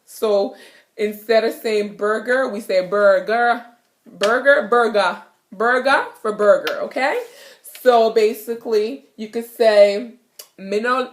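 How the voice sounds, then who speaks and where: Jamaican girl in her kitchen teaching patois words, silly and giggly, says stuff slow and repeats it. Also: fairly high pitch. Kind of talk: casual video lesson. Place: home kitchen.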